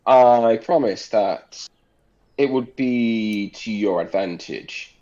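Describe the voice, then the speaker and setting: A man voicing a courteous male rogue who speaks in an overly polite, flattering way. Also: on the low side, takes it slowly, muffled recording. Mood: persuasive.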